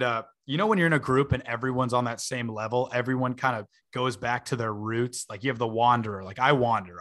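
A man's voice: mid-range voice, sharp tone. A man in his twenties, a podcast host, telling a long story in a casual way, full of fillers and laughing asides.

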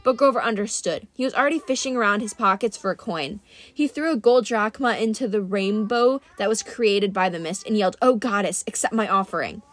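A woman reading an adventure novel aloud in first-person narration, brisk and expressive. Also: mid-range voice. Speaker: audiobook reader.

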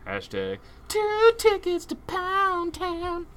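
A man putting on the voice of a brash, crude young male wrestling fan, in a slow swaggering drawl. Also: very high voice, wildly swooping pitch, background noise, voice pushed up, full character voice. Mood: boastful.

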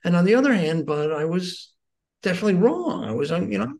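High-pitched and fairly quick with some vocal fry, a man in his sixties tells personal stories as a guest teacher. He's earnest, switching between excited and hushed tones.

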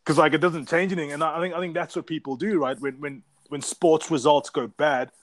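A man's voice: fairly high pitch, fairly even intonation, fairly quick. A man from Africa, telling stories in casual, profane chat as a podcast co-host. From South Africa. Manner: rambling, profane storytelling.

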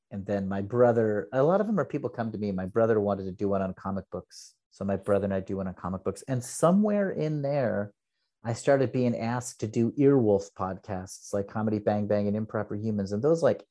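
An improv teacher appears as a podcast guest for a casual interview chat, speaking in a warm male voice on the low side. He rambles, is self-deprecating, and uses lots of fillers.

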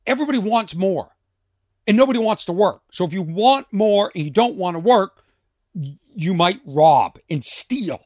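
High-pitched guy ranting on his podcast, rhetorical questions, dead dry room. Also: lively intonation, moderate pace, a little mellow, no room sound. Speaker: podcast host and comedian. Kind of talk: casual monologue. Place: trailer outside his home.

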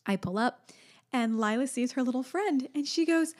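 A woman in her thirties telling a long family story in a casual chat, animated and acting out the people she quotes. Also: normal speed. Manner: animated storyteller, acts out a toddler's high voice. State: pregnant.

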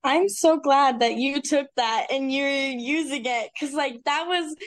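A woman's voice: sits high, measured pace. A woman guest in a casual podcast conversation, talking earnestly and reflectively. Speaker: speaker at a women's retreat.

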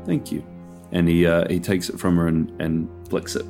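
A man's voice: sits low, monotone, brisk, a little mellow, faint music behind. A man playing a tabletop game, who speaks in a hesitant way and talks for his character. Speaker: player.

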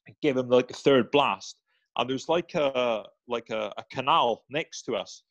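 In a loose, chatty interview, a former soldier recounts his service in a mid-range, slightly slow voice. He animates his anecdotes by acting out the voices of people in them and often stops and restarts mid-sentence. The recording is dry, close, and a little dull, with no room sound.

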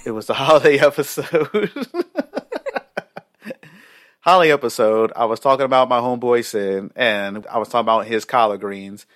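A man's voice: mid-range voice, a bit bright, no room sound, clean studio sound. A young man co-hosting a podcast in casual chat, joking and laughing as he teases his co-host. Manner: laughing, joking, playful teasing.

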